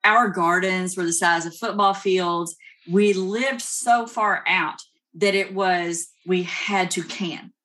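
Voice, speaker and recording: A woman's voice: on the low side, fairly even intonation, slow pace, a bit bright. A woman with a Kentucky accent, chatting as a podcast guest, rambling and laughing often. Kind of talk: casual interview chat.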